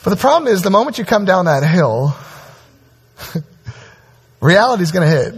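A man preaching a sermon as pastor, animated and conversational, with frequent asides to the congregation. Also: high-pitched, unhurried, breathy edge.

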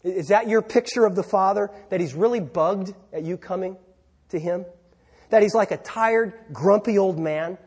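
Male pastor, fairly high and husky, chatty storytelling sermon with long church reverb. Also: moderate pace. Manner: conversational storytelling, animated with fillers and repeats.

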